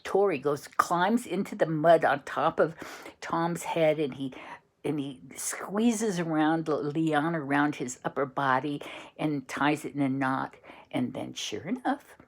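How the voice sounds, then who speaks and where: A woman telling an improvised bedtime story, slow and searching for words as she goes. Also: low voice.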